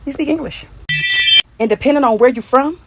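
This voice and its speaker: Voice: sits high, brisk, heavy background noise. A speaker with a Detroit accent giving a crude, laughing, mocking rant on social media.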